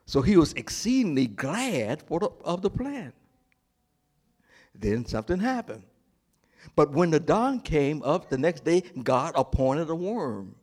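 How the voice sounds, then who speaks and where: Animated preacher, man with lively voice. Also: fairly high pitch, unhurried. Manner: animated preaching with call-and-response questions to the congregation; acts out the prophet and God in dramatic voices. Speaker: pastor. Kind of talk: sermon.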